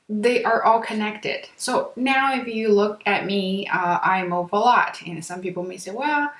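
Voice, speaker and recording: Fast-talking woman teaching English, echoey room. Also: medium pitch. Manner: fast-talking, lively, addresses listeners directly. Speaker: English teacher and podcast host. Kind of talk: podcast English lesson.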